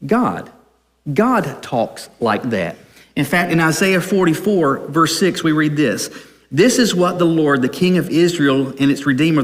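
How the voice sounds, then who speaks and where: A man preaching a sermon in an earnest way, pausing and restarting as he speaks. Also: fairly high pitch, in a large hall. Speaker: pastor.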